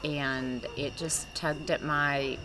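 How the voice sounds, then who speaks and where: A woman with a very low voice speaks earnestly and from the heart as a guest in a casual interview. Clear outdoor noise and crickets sit behind her. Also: fairly even intonation, slow pace. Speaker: sponsor and guest. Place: outdoors with people working nearby. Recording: field recording with clear background noise.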